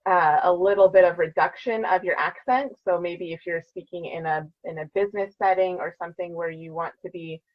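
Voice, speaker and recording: A woman's voice: fairly low pitch, fairly even intonation, a little fast, hardly any pauses, lo-fi sound. A woman speech-language pathologist, a guest in a casual interview, explaining in a friendly way with many fillers.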